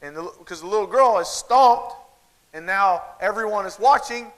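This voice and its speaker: A man's voice: high voice, normal speed. A man with a Southern accent giving a humorous keynote at a conference, telling stories and acting out voices of parents and children. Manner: animated storytelling, acting out voices of parents and kids. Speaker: keynote speaker. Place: large conference hall. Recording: hall reverb from a large venue. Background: audience laughter.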